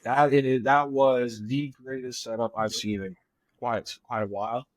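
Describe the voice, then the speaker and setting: A man joining a podcast as a guest, talking in a measured, enthusiastic way with many fillers. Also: medium pitch, fairly even intonation, no echo. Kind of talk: casual chat.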